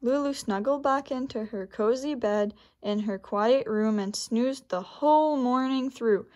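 Unhurried, fairly high-voiced librarian. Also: female voice. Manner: gentle, unhurried story-time delivery. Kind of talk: picture book read-aloud and craft demo.

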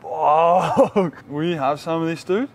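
A man's voice: fairly high pitch, slow, slight background noise. Brash young Australian man vlogging. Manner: brash, joking, swears a lot. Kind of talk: casual vlog.

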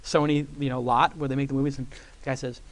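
A man in his forties on a conference stage, telling an animated story and acting out other people's voices. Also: mid-range voice, fast. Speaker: guest entrepreneur. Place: conference stage before an audience.

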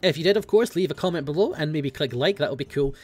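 A man's voice: on the high side, fast, a little mellow. A man hosting a let's play, chatting and muttering as he checks documents, swearing now and then. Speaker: gaming video host.

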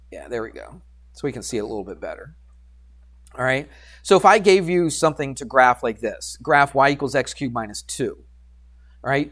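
A man teaching algebra to a class, animated and teasing, coaxing students with questions. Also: medium pitch. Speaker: high school math teacher. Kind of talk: classroom lecture.

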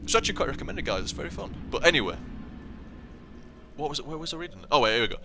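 A man's voice: medium pitch, lively intonation, very fast, sharp tone, a little hiss or hum. A young man commentating a let's play and reading game text aloud, with a sweary, rambling way of talking. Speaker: gameplay commentator.

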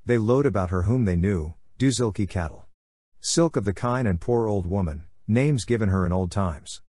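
A man narrating an audiobook with an even, literary reading. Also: fairly low pitch, normal speed, no echo, clean studio sound. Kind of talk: scripted narration.

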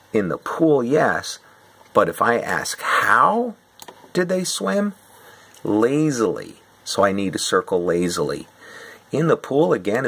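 Middle-aged teacher, deep voice, bright and a little husky, walking a class through answers. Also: male voice. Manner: slow and patient, explaining step by step. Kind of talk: classroom quiz review.

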